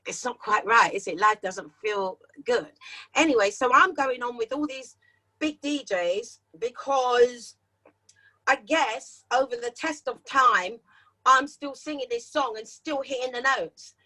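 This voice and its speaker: In a rough recording of a relaxed interview, a middle-aged singer from London talks in an unhurried way with a London accent. Her high voice sounds bright and forceful, and her lively stories are full of acted-out voices of other people.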